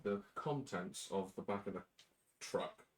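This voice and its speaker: A man's voice: on the low side, big pitch swings, measured pace, vocal fry. A man playing a tabletop game, chatting in a laid-back way. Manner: laid-back, chatty, uses British slang. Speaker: player. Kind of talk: casual tabletop play.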